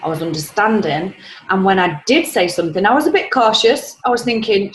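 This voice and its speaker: A woman's voice: mid-range voice, a little fast. Chatty woman, echoey room. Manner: rambling, retells dialogue in quotes. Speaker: coaching client. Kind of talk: casual conversation on a coaching call.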